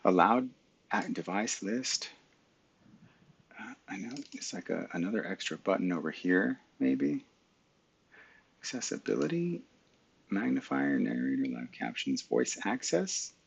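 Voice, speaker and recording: Middle-aged male streamer, deep gravelly voice, talks back at his pc, webcam mic sound. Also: very animated, unhurried, pauses often. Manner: mutters to himself and talks back to his computer. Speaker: live stream host. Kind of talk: casual screen-share talk.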